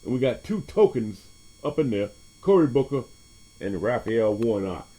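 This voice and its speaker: A man's voice: medium pitch, very animated, moderate pace, warm tone. A man hosting his own podcast in a loose, profane monologue, laughing often and jumping between topics. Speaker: podcast host. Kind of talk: casual monologue.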